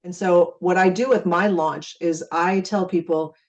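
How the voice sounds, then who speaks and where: A middle-aged Minnesota woman gives a casual network marketing training talk in a lowish, fairly even voice, unhurried. Chatty, she acts out conversations using friendly repeated phrases, speaking far from the mic.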